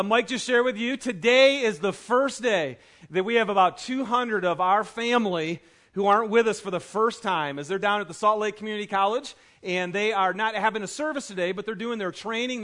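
Male pastor in his thirties, high voice, casual and enthusiastic delivery from the pulpit. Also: brisk, a bit bright. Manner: chatty and enthusiastic, many fillers. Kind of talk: casual sermon with family stories. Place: church auditorium.

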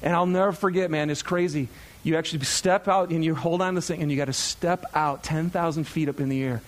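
A man in his thirties, a pastor, preaching in a chatty, animated storytelling way to his congregation. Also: a little high, fairly quick.

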